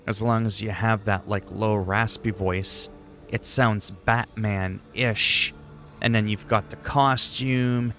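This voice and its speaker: A man rambles casually on his game stream in a low voice with a gravelly, fry-laden texture. He is goofy and self-deprecating, drifting from one thought to the next. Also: a bit bright. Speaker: gaming livestreamer. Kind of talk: casual livestream chat.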